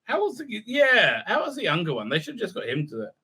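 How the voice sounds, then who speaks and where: A man's voice: high voice, wildly swooping pitch, fairly quick, sharp tone, slightly rough. A man giving a casual, mocking review, rambling with many fillers. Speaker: video reviewer.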